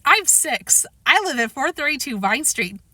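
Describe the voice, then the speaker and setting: A woman's voice: sits high, big pitch swings, moderate pace, bright, forceful tone, no echo, pitched above the performer's own voice, full character voice. A woman doing a whiny six-year-old boy. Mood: boastful. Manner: whining, then tough-guy bluster.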